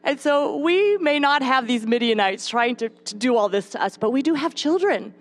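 A young adult woman teaching a devotional Bible lesson to mothers, expressive, with playful asides. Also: high-pitched, normal speed. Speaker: speaker at a mothers' Bible study.

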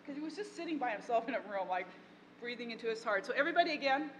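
A woman's voice: on the high side, animated, racing. Upbeat woman teaching a parenting class. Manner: warm, encouraging, playful asides. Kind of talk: workshop talk to an audience. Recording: echoey hall, faint ambient noise.

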